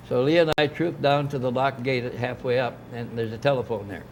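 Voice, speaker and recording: A man's voice: mid-range voice, brisk, few pauses, a little hiss or hum. An older man casually recounting a long story, acting out the voices of people he quotes. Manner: rambling anecdotal, acts out quoted dialogue. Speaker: interviewee recounting experiences.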